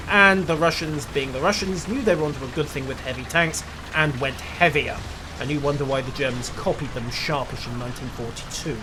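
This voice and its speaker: A man giving dry, wry commentary while playing a game, over loud game noise. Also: fairly high pitch. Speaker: gameplay commentator.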